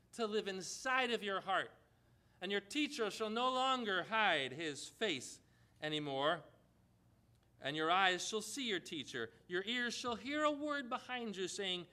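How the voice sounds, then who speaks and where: A man's voice: sits high, moderate pace, bright, forceful tone, smooth. A man preaching a sermon, speaking emphatically and putting rhetorical questions to his congregation.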